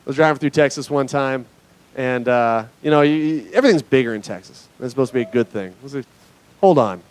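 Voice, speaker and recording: A young man from Nevada doing a stand-up comedy set on a club stage, mostly deadpan with sudden loud bursts. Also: medium pitch, fast, clear, resonant tone.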